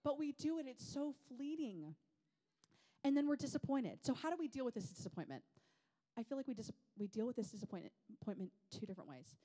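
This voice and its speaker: A woman, telling personal stories in an animated, self-deprecating way to a women's gathering. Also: on the high side, fast talker. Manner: animated, self-deprecating, chatty with many fillers. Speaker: women's ministry speaker. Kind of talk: personal storytelling talk.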